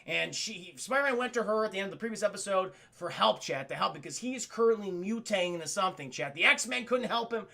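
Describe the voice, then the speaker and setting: A man streamer casually recapping a story to his chat, rambling, profane and excitable. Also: sits high, fast, creaky, few pauses.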